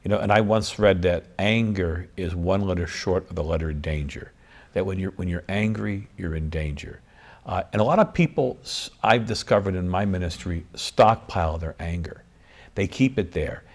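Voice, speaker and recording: A man's voice: deep voice, normal speed. A man, a priest and guest, speaking earnestly in a preacherly way with lots of repetition. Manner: earnest, preacherly, builds emphasis through repetition. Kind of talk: interview talk about forgiveness.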